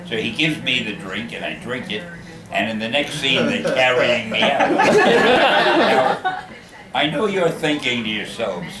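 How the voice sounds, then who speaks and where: A man's voice: medium pitch, wildly swooping pitch, unhurried, heavy background noise. An older man telling self-mocking stories as guest of honor in a fan Q&A. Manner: wry, self-mocking jokes. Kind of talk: humorous Q&A storytelling. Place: convention event room. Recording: echoey room, loud crowd.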